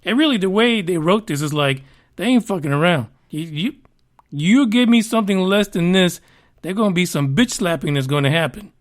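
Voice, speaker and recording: On his casual news podcast, a man with a high voice talks at a normal pace, reads stories, and riffs on them. He's animated and sarcastic, and he swears without restraint.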